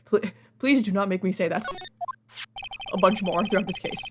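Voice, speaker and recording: A woman's voice: medium pitch, moderate pace, music in the background. Wry woman reading a game aloud. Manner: wry, joking asides between lines. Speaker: let's player.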